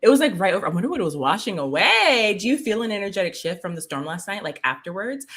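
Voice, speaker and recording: A woman's voice: mid-range voice, sing-song, quick pace, hardly any pauses, a bit bright. A woman spiritual coach chatting casually on a live stream, laughing often, full of "like" and "um", and greeting viewers by name. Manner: filler-heavy with "like" and "um". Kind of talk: casual livestream chat.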